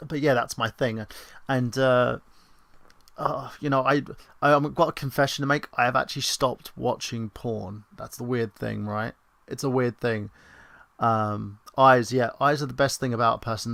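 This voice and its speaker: Gravelly-voiced British man in his thirties. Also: mid-range voice, a bit bright, no echo. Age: 30s. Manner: sarcastic, self-mocking, swearing. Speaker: livestream host. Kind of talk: rambling casual chat.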